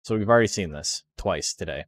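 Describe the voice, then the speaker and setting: A man's voice: low-pitched, fairly quick, no room sound. Laid-back, swearing man commentating a game. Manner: loose and joking, swears freely; rambling, heavy use of "like". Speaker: tournament commentator. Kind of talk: casual live-stream game commentary.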